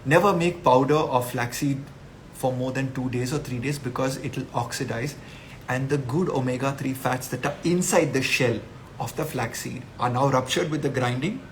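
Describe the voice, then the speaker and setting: A man's voice: mid-range voice, normal speed, slight background noise. A middle-aged man from India with an Indian English accent, a nutritionist answering viewer questions in a live talk, emphatic and scolding, with Hindi slang.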